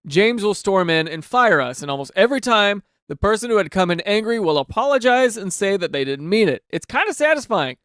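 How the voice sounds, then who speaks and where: A man hosting a comedy video, reading a story aloud and breaking off into goofy, rambling asides that swing between loud outbursts and mumbles. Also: high voice, big pitch swings, brisk, few pauses, smooth, no echo, clean studio sound. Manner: rambling, with restarts and fillers.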